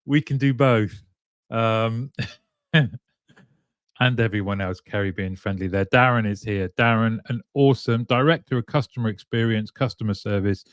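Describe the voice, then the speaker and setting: A man's voice: on the low side, no room sound. Chatty male live-stream host, dry sound. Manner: chatty, greets viewers by name, many ums. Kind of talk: casual live-stream chat.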